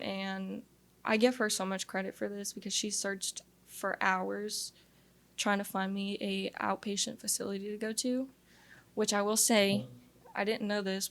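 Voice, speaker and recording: In an interview, a young woman from Louisiana candidly and earnestly talks through her testimony, using "like" often. Her pitch stays flat and even, with a steady gravelly fry throughout.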